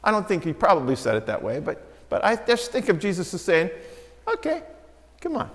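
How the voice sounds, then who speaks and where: A high-pitched man preaching to his congregation in a church sanctuary. His voice rings with a long reverb tail off the walls. He tells the story lively, dropping soft and low for quotes and rising again. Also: fast talker. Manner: storytelling, acts out quoted lines with shifting pitch and volume. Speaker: pastor. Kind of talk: sermon.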